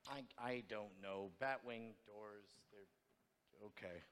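A man's voice: lowish voice, slow pace, fairly bright tone, big-room sound, slight background noise, pitched below the performer's own voice. A man playing a timid, flustered tourist who stammers and hesitates. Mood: nervous.

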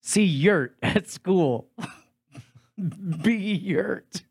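A man's voice: sits high, animated, very slow, creaky, slightly rough. A man reading silly internet posts aloud on a comedy podcast, often breaking into laughter as he goes. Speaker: podcast co-host.

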